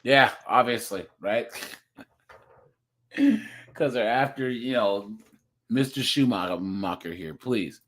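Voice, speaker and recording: A man's voice: medium pitch, slow, long pauses. A man hosting a live reaction stream, talking casually and mocking what he watches. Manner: animated, laughing, mocking impressions.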